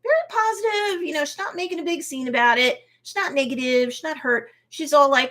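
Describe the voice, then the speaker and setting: Woman, show host, casual episode review, fairly high voice, lively recap, motherly advice. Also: brisk, hardly any pauses. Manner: lively recap, acting out characters' reactions.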